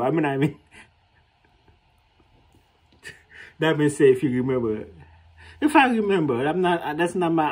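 A man vlogging in a casual storytelling way, animated and slangy, laughing often and acting out what others said in a raised voice. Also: fairly high pitch, husky. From Haiti.

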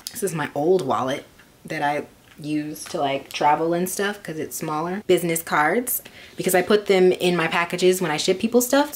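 A woman's voice: on the low side, slight background noise. A young woman vlogging casually, rambling and chatty with lots of fillers as she goes through things. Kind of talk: casual chat.

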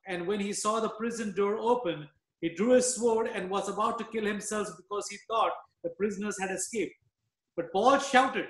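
A man reading a scripture passage aloud in church at a steady pace. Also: sits high, normal speed, roomy sound, poor audio. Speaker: scripture reader.

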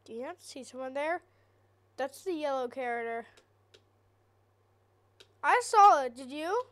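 A woman hosts a gaming channel, speaking at a normal pace in a high-pitched voice. She gives nervous, chatty let's-play commentary on a horror game while talking to her viewers.

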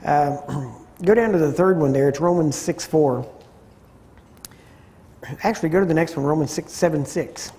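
Male Bible teacher, conversational, warm low-edged tone, slightly high pitch, throat-clearing habit. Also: moderate pace, long pauses. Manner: conversational, repeats phrases for emphasis, clears throat often. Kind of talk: teaching session on scripture.

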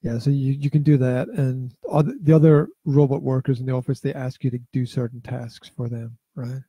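This middle-aged dad, a podcast co-host, talks casually about a VR game, wandering off track, repeating words and hesitating with fillers. He speaks at a normal speed in a mellow, husky mid-range voice with fairly even intonation, captured in a dry recording.

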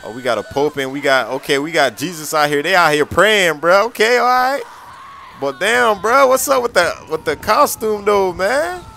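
Bright-voiced excitable young man. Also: sits high, moderate pace, vocal fry, soft background music. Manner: excitable, slangy, repeats himself. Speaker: gameplay commentator. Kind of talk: casual game commentary.

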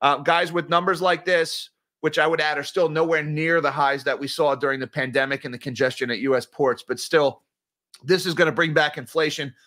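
A man's voice: fairly high pitch, fairly even intonation, fairly quick, a bit bright. A man commenting on finance and market news for viewers, reading headlines and adding sarcastic asides. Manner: sarcastic, informal, addresses viewers as guys.

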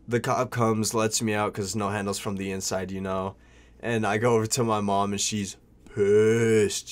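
A man's voice: on the low side, fairly even intonation, a little slow. A young man telling a story in a casual vlog, rambling and slangy, full of "like" and "bro", swearing freely.

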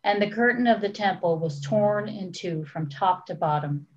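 A woman church leader giving a solemn, measured scripture reading. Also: lowish voice. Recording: dull lo-fi recording.

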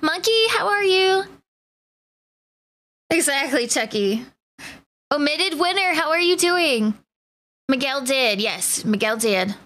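A woman's voice: high-pitched, big pitch swings, slow, pauses often, a bit bright. A woman streamer chatting casually with her live viewers, greeting them by name in playful slang. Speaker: Twitch streamer.

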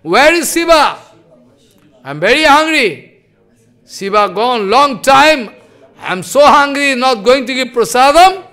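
A man voicing a hungry, furious wandering male saint who shouts angry demands. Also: very high voice, normal speed. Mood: angry shouting.

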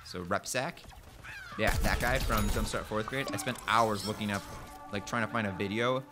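A man's voice: lowish voice, fairly even intonation, normal speed. A young man casually rambling through let's play commentary, goofing around and talking back to the game. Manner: goofy, rambling, talks to the game. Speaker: gaming channel host. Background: game music.

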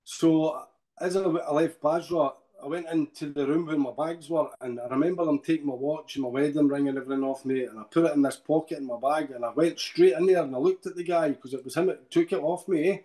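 A man's voice: on the high side, fairly even intonation, mellow. A Scottish man in a podcast interview, recounting his ordeal emotionally and often ending sentences with "eh?". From Scotland. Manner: emotional storytelling, tags sentences with "eh?", halting restarts. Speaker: podcast guest. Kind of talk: personal account in a podcast interview.

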